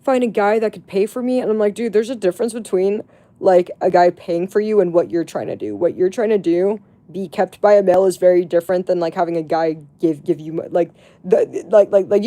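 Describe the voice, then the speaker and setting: Mellow-voiced woman streamer telling a story. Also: lowish voice, a little fast. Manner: chatty, heavy on "like" and profanity. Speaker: livestreamer. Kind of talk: casual storytelling to viewers.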